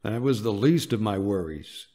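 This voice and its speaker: A smug, seductive biker club president with a deep voice that sinks into a soft, low murmur, as a male audiobook narrator puts him on. The tone is warm and mellow, and the pitch sits low. It is romance audiobook dialogue. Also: expressive, moderate pace. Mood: teasing.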